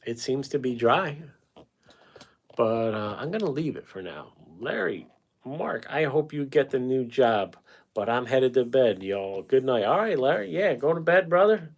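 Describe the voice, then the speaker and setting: A man's voice: mid-range voice, expressive, a little slow. A man hosting a painting livestream, chatting casually and rambling as he reads out viewer comments and answers them. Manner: talkative, chummy with viewers.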